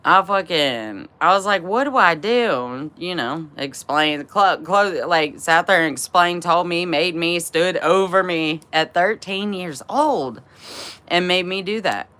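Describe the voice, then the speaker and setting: A woman in her thirties speaks to a livestream audience, telling a long personal story. Her voice sits low yet sounds bright and forceful. She swears freely, laughs often, and leans on fillers. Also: animated, a little slow. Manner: profane, laughing, lots of fillers. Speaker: livestream host. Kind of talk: casual storytelling to a live chat.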